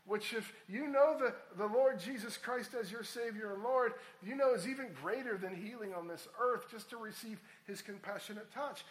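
A man's voice: high voice, echoey room, rough recording. A man preaching a sermon as a pastor, earnest and rising to emphatic appeals.

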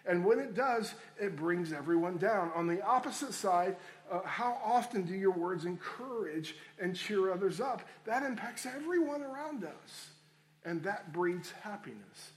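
A man's voice: high voice, lively intonation, unhurried. A man preaching a sermon, addressing listeners as friends and repeating key phrases for emphasis. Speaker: pastor.

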